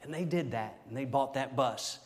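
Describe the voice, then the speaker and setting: A middle-aged man preaching a sermon, telling stories in a folksy, animated way with frequent exclamations. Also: mid-range voice, moderate pace, long reverb tail. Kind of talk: storytelling sermon.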